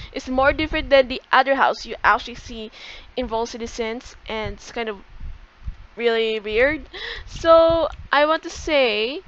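A young woman with a high voice, a gaming YouTuber, gives a casual game tour, chatty and excitable, often breaking off to correct herself. The audio sounds dull and lo-fi, like a cheap home mic.

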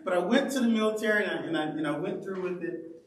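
A man preaching in a church, his voice high and swinging between quiet asides and loud outbursts as he acts out his own story. He laughs often as he talks. The sound is roomy and echoing, picked up from some distance. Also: quick pace. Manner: animated, laughing storyteller who acts out quotes. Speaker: pastor. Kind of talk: sermon with personal storytelling. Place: church sanctuary. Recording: roomy echo from a distant mic.

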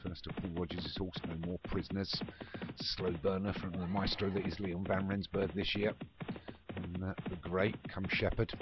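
Deep-voiced man calling a horse race. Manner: chatty, self-mocking, quick calls with hesitant fillers. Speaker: race commentator. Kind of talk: horse racing commentary for an online game league. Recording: dull lo-fi audio with loud background noise.

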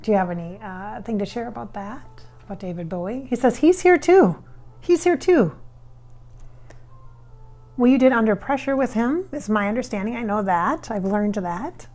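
A woman's voice: mid-range voice, a little fast, darkish tone. A woman working as a psychic medium, talking through a channeling session in a chatty, rambling way. She often corrects herself as she goes.

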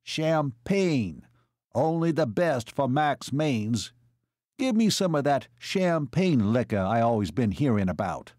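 A brash, naive young soldier, voiced by a man reading an audiobook, crowing and eager in a pitch lifted above the reader's own. His delivery swings with lively inflection, recorded close and dry. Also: brisk, few pauses, no room sound.

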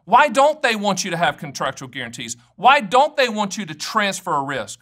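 A man's voice: sits high, big pitch swings, moderate pace, fairly bright tone. A middle-aged man hosting his own show about annuities, talking straight to camera in a folksy, joking way and rattling off long lists of product types. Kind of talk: casual direct-to-camera talk.

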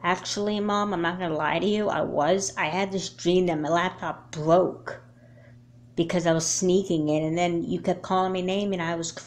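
A woman voicing a young girl doll character who is obsessed with her laptop, in a home-made doll movie, her voice shooting high and loud when she panics. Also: fairly even intonation, moderate pace, lightly acted. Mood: apologetic.

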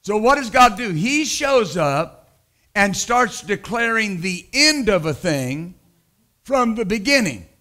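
A middle-aged male pastor preaching with a high, bright, forceful voice. He pushes hard on key points, then drops into quiet, casual asides and stories. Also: very animated, takes it slowly. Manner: emphatic preaching, swings from loud to quiet storytelling. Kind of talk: sermon.

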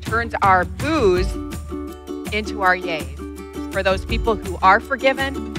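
A woman's voice: medium pitch, takes it slowly. A woman, a pastor, playfully wrapping up a children's bible lesson. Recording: music behind.

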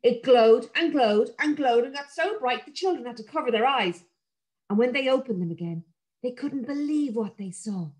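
A woman reading a picture book aloud to young children, warm and expressive. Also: a little high, moderate pace.

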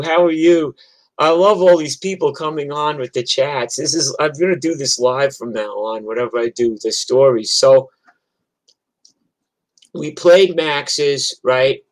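A fairly high-pitched older man from New York tells rambling, profane stories while chatting casually on a livestream, with plenty of restarts. The audio is poor, though there is no echo.

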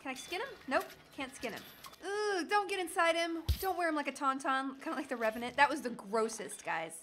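A woman in her thirties doing jokey, excitable commentary while she plays a video game. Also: high voice, brisk, slight background noise. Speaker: gaming streamer. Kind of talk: let's play commentary.

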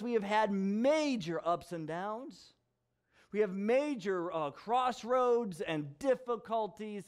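Pastor, male, high-pitched, conversational sermon delivery, animated storyteller who does the voices. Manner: animated storytelling, acting out dialogue, frequent laughs.

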